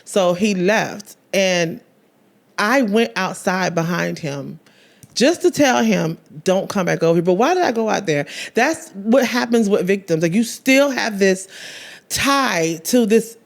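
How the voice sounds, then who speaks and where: A woman's voice: mid-range voice, lively intonation, a little slow, gravelly. A woman guest telling an emotional personal story in an interview, earnestly acting out the conversations she recounts. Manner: emotional, earnest storytelling, acts out quoted dialogue.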